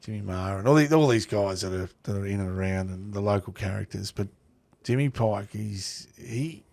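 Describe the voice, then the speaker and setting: A man's voice: fairly low pitch, moderate pace, vocal fry, a little mellow, no room sound. A middle-aged Australian man, a football coach, chatting as a podcast guest and telling stories with laughs. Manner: blokey storytelling, laughs often. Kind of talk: casual chat.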